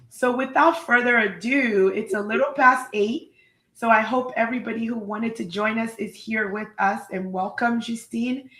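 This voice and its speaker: A woman's voice: medium pitch, a bit bright, reverberant, poor audio. A woman hosting a live online talk show, effusive and upbeat as she introduces her guest. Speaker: host.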